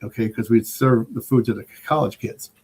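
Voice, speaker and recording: A man's voice: medium pitch, fairly even intonation, a little fast, darkish tone, husky. An older man, a retired chef and prepper, chatting casually as a podcast guest in an enthusiastic, rambling way. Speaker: guest preparedness expert.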